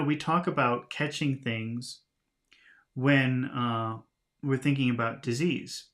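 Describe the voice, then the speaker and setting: A man teaching English vocabulary by reading a storybook aloud, talking in a relaxed, chatty way and laughing at himself. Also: medium pitch. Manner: relaxed, chatty, laughs at himself, lively voices for quoted lines.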